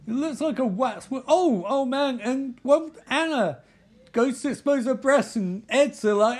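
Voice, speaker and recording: A man's voice: sits high, sing-song, normal speed, a little mellow, husky. A man giving rambling, sweary, sarcastic commentary over a film.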